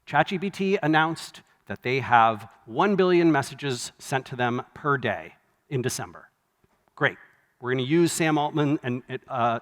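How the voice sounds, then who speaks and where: A man giving a live conference keynote, conversational and wry, with quick asides and self-corrections. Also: medium pitch, a bit bright. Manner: wry, laughs at his own jokes. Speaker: conference speaker. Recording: long hall reverb from a live venue.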